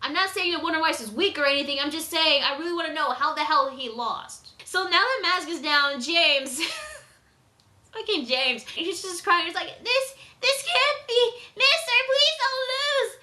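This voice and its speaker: High-voiced girl ranting about a manga chapter, laughs and swears a lot, echoey room. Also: moderate pace, sharp tone. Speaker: manga reviewer. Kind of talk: casual review vlog.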